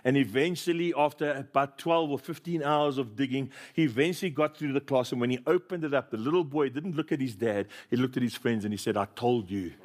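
Pastor preaching with humor. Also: male voice, mid-range voice, brisk, few pauses. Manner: storytelling, humorous, call-and-response with congregation. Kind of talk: sermon.

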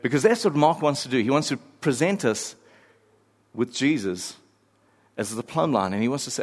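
Animated preacher in a reverberant hall. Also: male voice, medium pitch, normal speed, pauses often. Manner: animated storyteller, acts out quoted voices with laughs. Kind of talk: sermon.

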